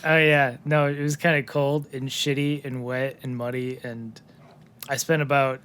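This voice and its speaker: A man's voice: mid-range voice, little pitch movement, measured pace, fairly bright tone, clean tone. A man as a podcast guest, talking in a laid-back way and swearing casually. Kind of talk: casual chat.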